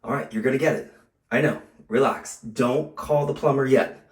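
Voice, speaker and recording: A man's voice: mid-range voice, normal speed, recorded from a distance. A middle-aged man doing a how-to demonstration, reassuring and joking as he coaches the viewer, a little out of breath from the effort. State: out of breath from exertion. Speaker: home repair video host. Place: bathroom. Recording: echoey bathroom, voice off-mic.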